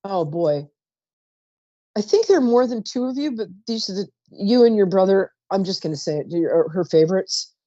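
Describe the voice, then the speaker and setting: A woman's voice: mid-range voice, animated, normal speed, dark tone, dry recording, lo-fi sound. A woman hosting a live call-in psychic reading show, chatty and rambling, often trailing off mid-sentence. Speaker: psychic radio host.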